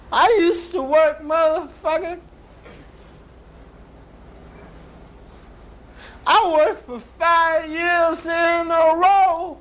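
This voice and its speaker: A high, whining strung-out junkie, as a man acts him out in a stand-up routine. He drawls his complaints slowly, lets his voice break into sobs, then flares into shouts. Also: full character voice, rough recording. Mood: self-pitying. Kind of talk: stand-up character bit.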